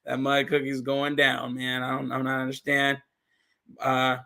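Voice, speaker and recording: A man's voice: medium pitch, completely flat delivery, measured pace, creaky, pushed and bright. A man hosting a livestream, chatting casually in a laid-back way. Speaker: livestream host.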